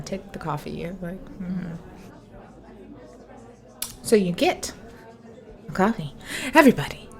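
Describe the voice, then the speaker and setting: Slow, lively-voiced woman game master. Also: low-pitched. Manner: playful, laughing, self-correcting. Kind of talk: narrating a tabletop game over a call.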